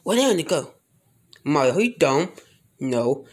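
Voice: mid-range voice, sing-song, moderate pace. A speaker improvising a plush toy role-play in a rambling, mumbly way, full of slang and filler sounds.

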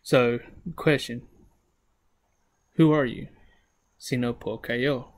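Flat-voiced Southern man practicing phrases. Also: medium pitch. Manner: halting, many restarts and ums, slow careful phrase repetition. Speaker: language learner vlogger. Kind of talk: casual self-taught language lesson.

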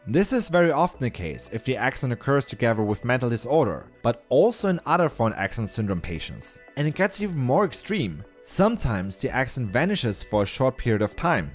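Man narrating a science video, lively pitch. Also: fairly quick, hardly any pauses, soft background music. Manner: explanatory, lightly playful. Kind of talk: scripted narration.

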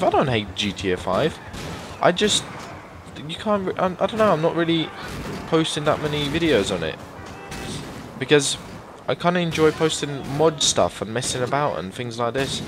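Over background noise, a gaming YouTuber in a mid-range voice talks through his game casually. He swears frequently, gets worked up into loud outbursts, and drifts into rambling remarks aimed at his audience.

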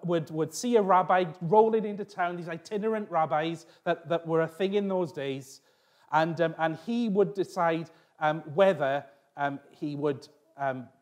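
A middle-aged man preaching a sermon in a slightly high voice. He tells his own story in a rambling, personal way, full of restarts and asides. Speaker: pastor.

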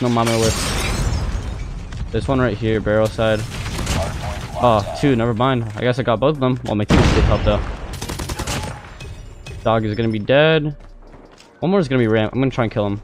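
A young man giving live commentary over his own gameplay, excitable, jumping between loud outbursts and muttered callouts. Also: mid-range voice, moderate pace, long pauses, very noisy. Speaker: gaming YouTuber. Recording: music playing under gunfire.

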